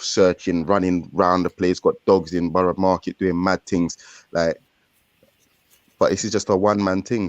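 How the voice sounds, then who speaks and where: Deep-voiced young London man chatting. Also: darkish tone, dry recording. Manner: streetwise slang, loose and rambling. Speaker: podcast co-host. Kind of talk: casual chat.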